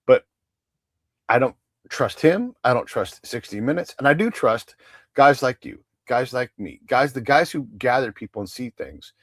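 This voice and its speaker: A man's voice: medium pitch, very animated, normal speed, no echo, studio quality. A man in his fifties hosting a podcast, talking in a blunt, opinionated way with the odd swear word. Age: 50s. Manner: blunt, opinionated, swears freely, mocks news anchors. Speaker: podcast host. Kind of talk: casual conversational interview.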